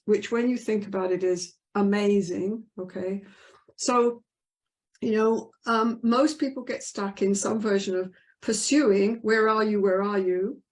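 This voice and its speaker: An older woman who works as a couples therapist answers interview questions earnestly and emphatically. She acts out the voices of the people she quotes, speaking at a medium pitch.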